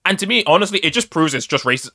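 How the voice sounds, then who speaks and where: Exasperated male vlogger, a bit higher than usual, dry sound, voice worn out from ranting. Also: expressive, rapid-fire, sharp tone, dry recording. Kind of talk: ranting opinion vlog.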